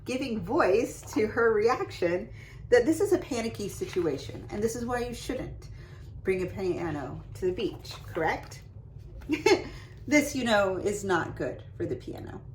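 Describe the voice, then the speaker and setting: A young adult woman hosting a lesson, talking casually and brightly about reading to children as she shows pages of books. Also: medium pitch, unhurried, a little hiss or hum, low-quality recording. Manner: lively and chatty, showing off book pages. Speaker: host giving read-aloud tips to parents. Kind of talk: casual instructional talk.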